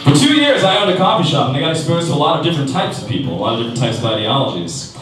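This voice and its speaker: A man doing a stand-up comedy set on a club stage, his pitch swooping up high for punchlines. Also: sing-song, rapid-fire, fairly bright tone, far from the mic. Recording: echoey club recording from afar, crowd noise.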